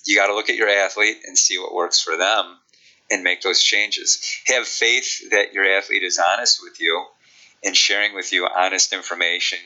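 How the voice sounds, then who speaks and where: A sprint coach with a Chicago accent and a low-sitting male voice explains his training in a relaxed podcast interview. He speaks at a moderate pace with lots of ums, and the audio is dull.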